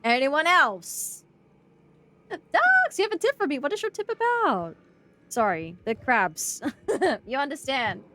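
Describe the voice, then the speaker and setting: A bright, lively Australian woman in casual stream commentary, chatty and quick to burst into loud yells and laughter. Her high voice bounces all over as she talks to her chat and works through puzzles out loud. She is a young adult. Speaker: game streamer.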